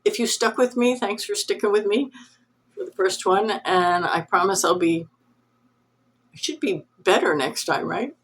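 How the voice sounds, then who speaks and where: A woman's voice: lowish voice, fairly bright tone, a little hiss or hum. A woman hosting a cross-stitch vlog, chatting casually to camera in a nasal, rambling, self-deprecating way.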